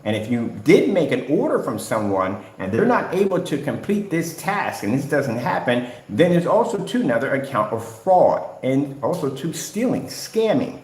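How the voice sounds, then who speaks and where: Fairly high-pitched and sing-song yet darkish in tone, a man talks at normal speed with hardly any pauses. He's a business owner on a livestream, confrontationally lecturing rivals and repeating "at the end of the day." The sound echoes as if in a large room.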